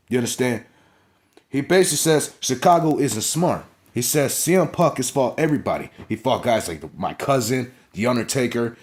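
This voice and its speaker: A man's voice: medium pitch, darkish tone. A young man reviewing a wrestling show in a blunt, profane casual rant, often asking "you understand?".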